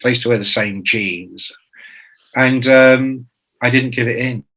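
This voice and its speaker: His delivery is a little slow, with a medium-pitched, somewhat bright voice and fairly even intonation, on a low-quality recording. The speaker is a man in his sixties appearing as a guest author. Joking and profane, he shares anecdotes in an interview and acts out what people said.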